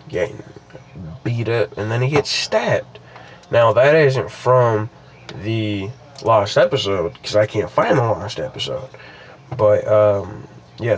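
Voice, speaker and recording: A man's voice: on the low side, slight background noise, low-quality recording. A young man casually reading a creepypasta aloud, stopping often to ramble and restart his sentences with lots of fillers. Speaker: creepypasta reader.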